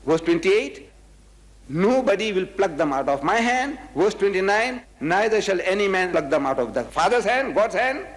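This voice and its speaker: Male lecturer, South African accent, emphatic and mocking, highly expressive pitch, reverberant hall recording. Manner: emphatic and mocking, reads scripture slowly and solemnly. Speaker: lecturer on religion. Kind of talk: animated public lecture.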